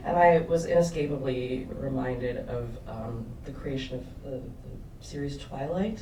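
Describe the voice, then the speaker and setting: A man's voice: medium pitch, measured pace, darkish tone. A man speaking as a panelist after a film screening, hesitant with many ums and a dry sense of humor. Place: cinema auditorium. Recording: echoey cinema, distant mic, noisy.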